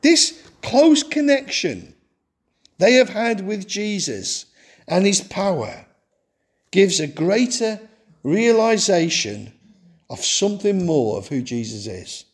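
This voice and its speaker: Man, preacher, sermon, animated storytelling, high voice. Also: slow pace. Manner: animated storytelling, acting out quotes.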